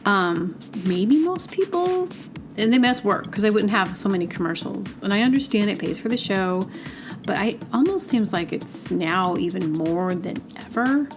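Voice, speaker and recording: A woman's voice: mid-range voice, expressive, moderate pace, music in the background. A woman hosting a solo podcast, rambling chattily through digressions with lots of fillers. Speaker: podcast host. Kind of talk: casual solo monologue.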